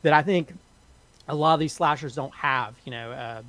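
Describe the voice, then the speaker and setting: A man casually reviewing a horror film on a podcast panel, speaking haltingly with many restarts and often laughing. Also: a little high, a bit bright, no room sound.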